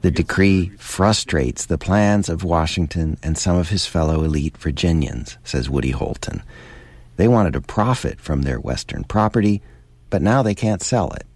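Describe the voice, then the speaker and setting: A man hosting a radio history documentary, giving measured, scripted narration. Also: low-pitched, animated, darkish tone, slightly rough, dry recording.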